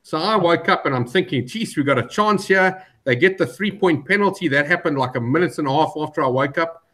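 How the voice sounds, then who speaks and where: A man on a betting panel who tells stories in an animated way and often repeats words. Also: a little high, brisk. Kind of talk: casual betting chat.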